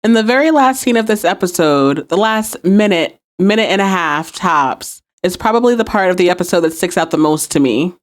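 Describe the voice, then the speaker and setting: A woman's voice: fairly low pitch, normal speed, hardly any pauses. Woman animatedly recapping a TV episode. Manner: animated retelling, acting out quoted lines. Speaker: podcast host.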